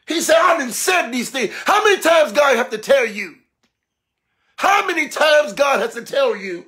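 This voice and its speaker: A man preaching a sermon, swinging between emphatic shouts and hushed, low passages, calling out to his listeners. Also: sing-song, normal speed. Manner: calls out exclamations and asks the listeners for response.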